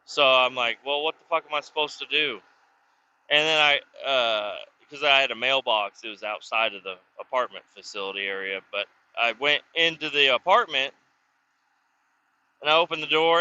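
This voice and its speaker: A man's voice: mid-range voice, normal speed, pushed and bright, clear, resonant tone, highs cut off. A man telling a personal story in a casual, rambling way, swearing often, restarting sentences and acting out both sides of conversations. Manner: profane, rambling, full of restarts and acted dialogue. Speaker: vlogger telling stories. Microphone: self-recorded camera or phone mic.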